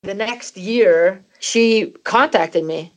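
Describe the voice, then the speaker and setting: A Canadian-born footballer in her thirties, appearing as an interview guest, candidly tells an emotional personal story full of "you know" fillers. Her mid-range voice moves very slowly.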